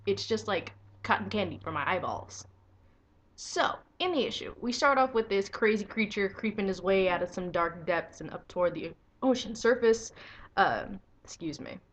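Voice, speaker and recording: A young woman giving a casual video review of a comic book, excitable and swearing freely, breaking into enthusiastic squeals. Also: mid-range voice, normal speed, slight background noise.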